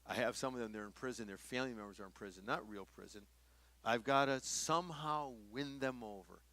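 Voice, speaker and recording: A man's voice: medium pitch, brisk, no room sound. An older man and pastor, teaching a workshop audience in a sermon style and telling stories in which he acts out the dialogue. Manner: storytelling, acting out dialogue with shifts in loudness.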